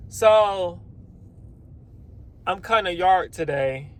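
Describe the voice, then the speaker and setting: A man vlogs outdoors about his lawn care work. His voice sits high for a man, and he talks casually. He rambles, swears, and acts out his own shocked reactions. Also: measured pace, fairly bright tone. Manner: swears then apologizes. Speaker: lawn care business owner. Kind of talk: casual vlog storytelling.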